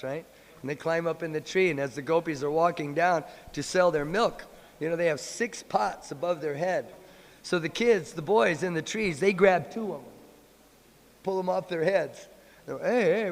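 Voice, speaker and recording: A man giving a sermon in a temple hall, telling a story in a playful, animated way. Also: on the high side. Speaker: monk lecturer.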